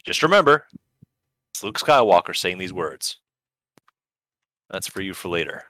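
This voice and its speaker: A man's voice: deep voice, very animated, a little slow, bright, forceful tone, no room sound. A man cohosting a podcast in casual chat, riffing sarcastically and tossing out mock quotes. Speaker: podcast co-host.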